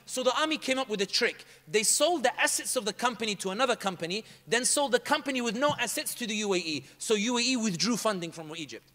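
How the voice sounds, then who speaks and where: Fast-talking man with a high voice. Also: expressive, bright, forceful tone, big-room sound. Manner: fast, emphatic, mixes in Arabic phrases. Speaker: public speaker. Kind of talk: animated storytelling talk.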